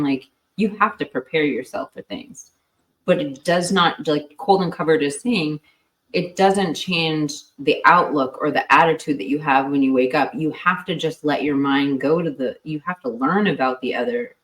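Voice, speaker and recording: A woman's voice: low-pitched, moderate pace. A tired woman co-hosting a late-night livestream, chatting in a rambling, supportive way. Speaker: livestream co-host. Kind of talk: casual livestream chat.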